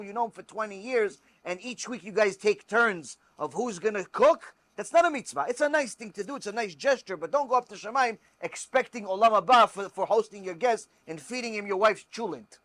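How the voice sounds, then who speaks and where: A rabbi teaching religious law and telling stories, emphatic and repetitive. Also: male voice, sits high, brisk, few pauses. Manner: emphatic, repetitive, animated storyteller.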